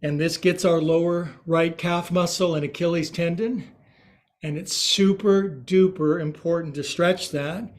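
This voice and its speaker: Slow, high-voiced man leading yoga. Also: steady tone. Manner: counts poses aloud and jokes about words. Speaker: yoga teacher. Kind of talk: guided yoga class. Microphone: livestream from his own space.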